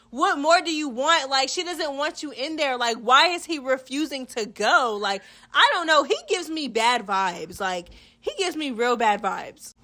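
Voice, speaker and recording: A woman hosting a casual reality TV recap vlog, sassy and expressive, full of slang and talking straight to her viewers. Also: sits high. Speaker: host of a reality TV recap channel.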